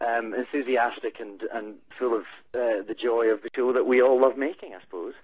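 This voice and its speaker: A man's voice: mid-range voice, steady tone, fairly quick, slightly rough, no room sound. Playful man on a tinny phone line. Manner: playful, joking. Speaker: phone-in guest. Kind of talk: casual chat. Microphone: telephone.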